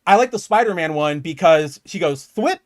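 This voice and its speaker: A man's voice: fairly high pitch, normal speed. A young man co-hosting a casual comic book podcast, talking animatedly and acting out quoted lines. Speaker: podcast co-host.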